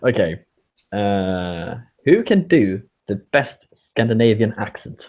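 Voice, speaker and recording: A man on a podcast who reads out quiz questions in a measured, amused way. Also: on the low side, very animated, dull audio. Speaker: quizmaster. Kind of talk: casual quiz banter.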